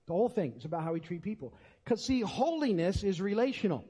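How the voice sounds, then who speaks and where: A man's voice: sits high, animated, quick pace, warm tone, husky. A man preaching a sermon as pastor, in a conversational, folksy way. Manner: conversational, folksy, with many fillers and restarts. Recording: long reverb of a church hall.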